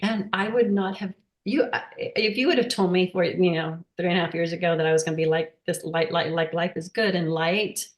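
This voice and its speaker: A woman sharing a heartfelt personal story on a video call, talking in a halting, emotional way with many restarts. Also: lowish voice, steady tone. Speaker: workshop participant sharing a story. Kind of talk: casual testimonial. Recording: roomy echo.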